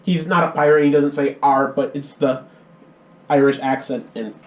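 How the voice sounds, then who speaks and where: A man's voice: medium pitch, fairly even intonation, moderate pace. A young adult man giving a casual, rambling spoken movie review on a college radio show. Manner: rambling, conversational, with restarts. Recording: roomy, dull lo-fi sound.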